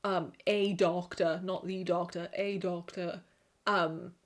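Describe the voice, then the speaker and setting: A young Welsh woman chatting to camera, animated, swearing and laughing often. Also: lowish voice, slow. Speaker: vlogger. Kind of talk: casual chat to camera.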